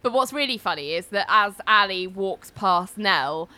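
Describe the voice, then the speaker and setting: A woman's voice: medium pitch, animated, normal speed, sharp tone. A woman, casually retelling a TV episode as a podcast host, acting out the characters' lines with laughs. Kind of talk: casual chat.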